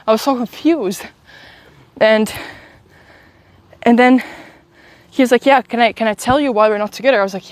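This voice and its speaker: A young woman with a slightly high voice talks at a normal speed, pausing often, with no echo, as she walks uphill through a town on a live stream, chatting into her phone. She sounds sick and stuffy, rambling through stories full of laughs and swearing.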